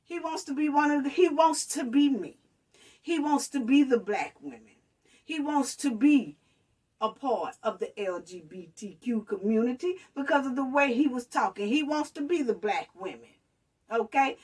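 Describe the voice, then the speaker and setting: Sassy woman vlogger, raised pitch, recorded a little back from the mic. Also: expressive, moderate pace, a little mellow, slightly rough, distant mic. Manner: sassy, addresses viewers as honey and baby. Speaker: commentary vlogger. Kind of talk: casual reaction commentary.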